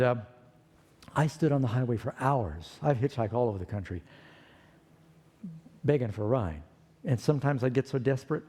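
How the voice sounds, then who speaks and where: Animated male preacher telling his story. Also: mid-range voice, in a large hall. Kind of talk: storytelling sermon testimony.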